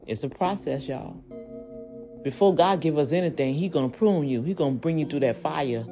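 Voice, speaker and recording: A woman with a fairly low voice hosts a casual, preachy podcast. She swings between high, fired-up exhortation and low, quiet asides. Faint music plays under her. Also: normal speed. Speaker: podcast host.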